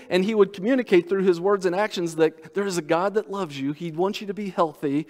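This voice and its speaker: Male pastor, sermon, higher-pitched voice, long church reverb, slows down on key words. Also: a little mellow. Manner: reads scripture aloud and slows down to stress key words. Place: church sanctuary.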